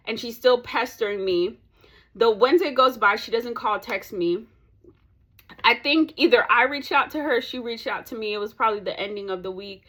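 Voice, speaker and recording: Young woman, casual storytime vlog, animated ranting, bright tone, raised pitch. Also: normal speed. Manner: animated, ranting, laughs between lines. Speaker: vlogger.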